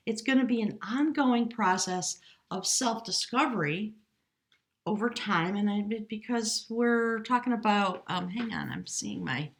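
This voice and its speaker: A woman giving a spontaneous tarot reading, speaking gently and emotionally, now and then addressing her spirit guides. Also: mid-range voice, animated, unhurried. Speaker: tarot reader.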